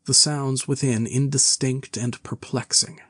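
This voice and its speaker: A man reading a classic novel aloud with measured, even storytelling. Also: mid-range voice, husky, dry recording. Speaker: narrator. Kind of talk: scripted narration of a classic novel.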